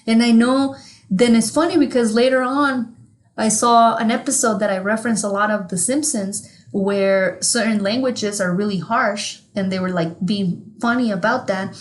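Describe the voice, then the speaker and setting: This podcast co-host, a native Spanish speaker from Mexico, has a fairly high, steady voice and a moderate pace. Chatting casually, she spins a profane, rambling tale and laughs frequently.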